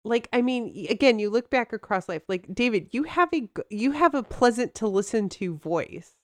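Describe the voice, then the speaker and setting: A woman's voice: a little high, animated, moderate pace, dry recording. A woman co-hosting a podcast in casual chat, bubbly and rambling, laughing often as she talks. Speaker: podcast co-host.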